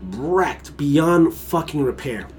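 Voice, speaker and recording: A man's voice: fairly high pitch, animated, slow, darkish tone, a little hiss or hum. A man of Mexican heritage co-hosting a casual podcast. He rants in a heated, emphatic and profane way. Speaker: podcast co-host.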